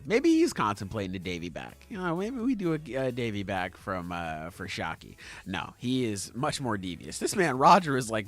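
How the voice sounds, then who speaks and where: Podcast co-host, lively swooping voice, unhurried, dry close sound, swearing and laughing. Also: mid-range voice, dry recording. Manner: animated, profane, laughs a lot. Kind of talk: casual chat recapping comics.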